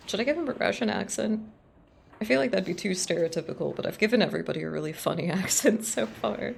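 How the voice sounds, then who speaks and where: A woman streaming a video game, chatting casually with quick, profane, joking asides and frequent laughter. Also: medium pitch, gravelly, a little hiss or hum.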